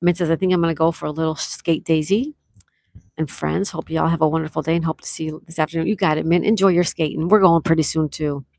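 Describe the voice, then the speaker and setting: A low-voiced woman with a gravelly edge and a Buffalo, New York accent hosts a relaxed live stream. She reads viewers' comments aloud and answers each one in a chatty way. Her voice is dry and close, with no room sound. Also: fast, no room sound. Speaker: livestream host. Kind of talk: casual live-stream chat.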